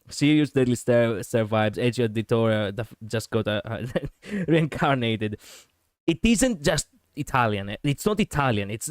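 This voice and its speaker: A young man with a Greek accent streaming a game reaction, excitable, laughing and swearing, jumping between loud outbursts and muttering. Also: mid-range voice, no echo, clean studio sound. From Greece.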